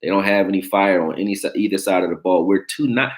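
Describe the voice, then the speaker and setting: Deep-voiced blunt sports talk host. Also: male voice, quick pace. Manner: blunt, profane, joking, reacting to chat. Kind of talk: casual sports talk livestream.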